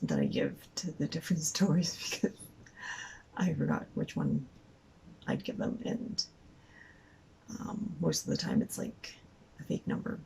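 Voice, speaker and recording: A woman's voice: sits low, wildly swooping pitch, unhurried, vocal fry, pauses often, warm tone, slight background noise, rough recording. A young woman, a mother, rambling through a story to the camera with many fillers and frequent laughter. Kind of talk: casual storytelling.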